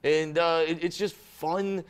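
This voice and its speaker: A man in a TV studio, chatting as a comedian guest. He tells his stories in an animated way, often leaping into high, excited voices when he quotes people. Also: slow, clean tone. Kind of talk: casual interview storytelling. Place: local TV news studio.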